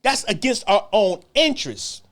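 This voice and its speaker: A man's voice: high voice, big pitch swings, moderate pace, a bit bright. A man delivering a heated, profane, repetitive rant straight to the camera. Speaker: commentator. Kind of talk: ranting to-camera monologue.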